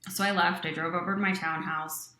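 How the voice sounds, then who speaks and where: Woman guest, low pitch, bright forceful tone, roomy echo; earnest storyteller. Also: fairly quick. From Utah. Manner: earnest, animated storytelling with quoted voices. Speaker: company president, guest. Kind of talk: personal storytelling in interview.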